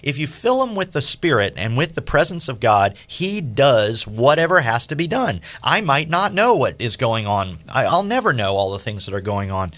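A man hosting a faith radio interview, telling a story with lively acted-out quotes. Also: normal speed, few pauses. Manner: animated, acts out quoted speech with big pitch jumps. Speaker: radio show host.

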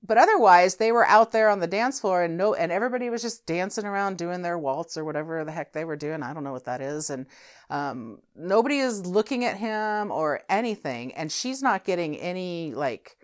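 A woman's voice: lowish voice, lively intonation, brisk. A woman in casual conversation about a film, rambling with asides as she tells what she noticed. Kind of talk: casual movie discussion.

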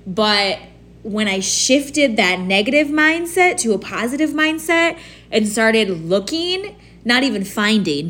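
A woman's voice: medium pitch, a bit bright. A woman hosting a solo podcast, talking through her feelings in a candid, casual way, with lots of "like" and "you know". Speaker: podcast host. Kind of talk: reflective solo podcast monologue.

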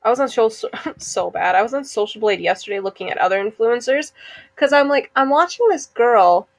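A young woman, co-hosting a podcast in casual chat, talking fast and laughing often. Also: on the high side, lively intonation, no echo. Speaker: podcast co-host.

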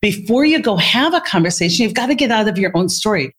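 Lively woman telling stories as a guest. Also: medium pitch, fast talker, hardly any pauses. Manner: animated storyteller who acts out quoted dialogue. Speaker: interview guest, therapist and speaker. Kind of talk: storytelling in conversation.

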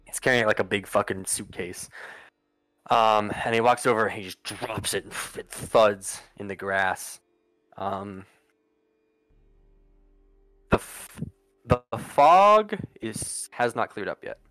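Low voiced dude running a tabletop game, swears a lot, tons of ums and uhs, dry close sound. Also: male voice, fairly even intonation, unhurried, pauses often, fairly bright tone, no echo, soft background music, low-quality recording. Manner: casual, profane, full of ums and uhs. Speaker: game master.

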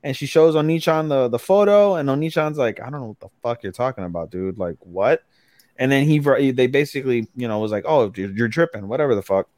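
A man's voice: medium pitch, expressive, a little fast, a little mellow, dry recording. A man co-hosting a podcast, retelling an anime episode with loose, profane energy. He drops in the characters' lines as he goes. His voice sits close and dry on the mic. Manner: swears often, recaps plots with quoted lines. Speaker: podcast co-host. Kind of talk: casual podcast chat.

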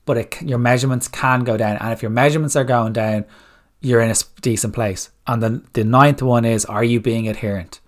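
A man's voice: mid-range voice, steady tone, brisk. A man hosting a solo coaching podcast, giving blunt, direct fat-loss advice and firing off rhetorical questions. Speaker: fitness coach, podcast host.

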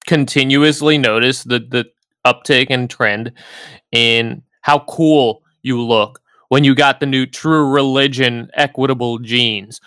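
Slow, bright-voiced heated podcast man. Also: medium pitch, clear, resonant tone, no echo. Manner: emotional, heated, swearing. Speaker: podcast co-host. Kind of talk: casual podcast rant.

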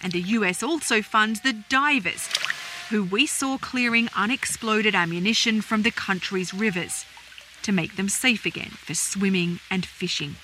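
A female news correspondent delivering a scripted report in a measured, formal way. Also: mid-range voice, noisy background.

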